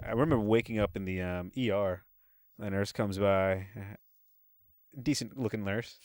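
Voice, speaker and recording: A man's voice: on the low side, fairly even intonation, normal speed, darkish tone, dry recording, clean studio sound. A man who is a comedian guest on a podcast, telling stories in a rambling way with lots of false starts. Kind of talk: casual podcast chat.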